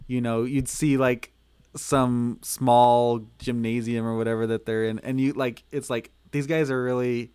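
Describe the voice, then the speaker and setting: A man in a casual film podcast, talking at a mid pitch in a loose, laughing way. His voice sits dry and close to the mic. He trails off and picks his thoughts back up as he goes. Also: measured pace, smooth, dry recording. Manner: relaxed, laughs often, trails off. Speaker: podcast co-host.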